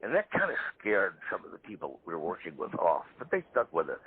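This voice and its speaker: A man in his seventies, a parapsychologist guest, telling stories in a lively way in a live interview. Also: sits low, fast, slight background noise. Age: 70s. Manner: animated storyteller. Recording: tinny phone-line audio.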